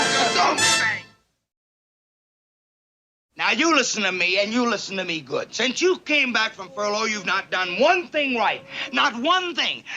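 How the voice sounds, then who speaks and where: A red-faced, bellowing drill sergeant rants in exasperation. His voice is high and gravelly and swings up and down wildly. A laugh track and music run under this old sitcom soundtrack. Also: full character voice, poor audio. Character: blustering, hot-tempered male drill sergeant. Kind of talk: 1960s TV sitcom acting.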